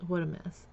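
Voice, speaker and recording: A woman vlogger candidly shares a painful family story, laughing nervously and repeating words. Her voice has a darkish tone, and the audio is dull with slight background noise.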